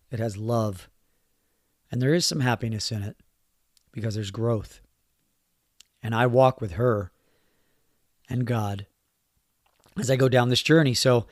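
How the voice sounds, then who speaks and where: A man's voice: medium pitch, dry recording, clean studio sound. A middle-aged man hosting his own podcast, talking earnestly and from the heart about growth and communication, leaning on key phrases. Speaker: podcast host and youth coach. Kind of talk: personal motivational podcast monologue.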